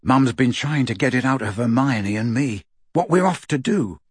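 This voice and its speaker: A man's voice: medium pitch, animated, moderate pace, slightly rough, no echo, studio quality. A man voicing a loyal teenage boy who talks in a blunt, chummy way, part of a storybook audiobook. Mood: conspiratorial.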